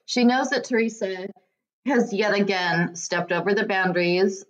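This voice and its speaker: A woman co-hosting a casual podcast, chatting with lively enthusiasm as she recaps. Her voice sits in a middle pitch. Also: moderate pace, highs cut off. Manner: chatty, enthusiastic, animated retelling. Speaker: podcast co-host. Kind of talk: casual chat recapping reality TV.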